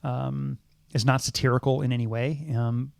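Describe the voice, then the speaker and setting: Middle-aged guy on a podcast, gravelly, lots of ums and restarts, dry close mic. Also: medium pitch, level tone, moderate pace, no room sound. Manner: thoughtful, many restarts and ums. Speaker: podcast co-host. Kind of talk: casual film discussion.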